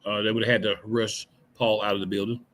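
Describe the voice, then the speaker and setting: Blunt, sarcastic man, lowish voice. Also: flat delivery, fast, a bit bright. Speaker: podcast co-host. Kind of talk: casual wrestling chat.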